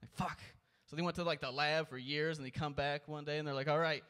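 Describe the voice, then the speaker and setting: A man's voice: fairly high pitch, fairly even intonation, brisk, pushed and bright. A man doing stand-up at an open mic, with a profane, exasperated rant into a handheld mic. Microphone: handheld stage mic.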